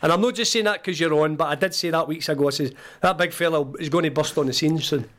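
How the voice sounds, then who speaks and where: A Scottish man co-hosting a football radio show, bantering with a guest in a jokey, laughing way. His voice sits fairly high for a man. He talks casually, as a former player among friends. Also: fast talker, a bit bright. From Scotland. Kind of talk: casual sports radio chat.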